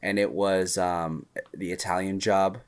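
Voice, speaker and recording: A man's voice: low-pitched, flat delivery, a little slow, smooth. A man co-hosting a casual movie podcast, rambling and hesitant, swearing casually as he talks. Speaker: podcast co-host.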